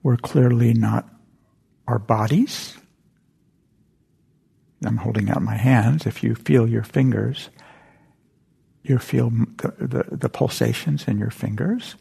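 Older man, dharma talk; dark, raspy voice, halting and soft-spoken. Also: mid-range voice. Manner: gentle, halting storytelling with frequent whispered asides. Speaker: meditation teacher. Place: meditation center hall.

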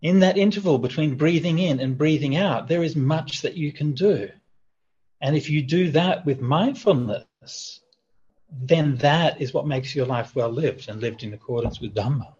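A man teaching as a Buddhist monk over a video call, his voice a little husky and breathy. He talks in a relaxed, chatty way, with fillers and gentle jokes. The audio is dull and lo-fi. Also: fairly high pitch, moderate pace. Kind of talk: online teaching Q&A.

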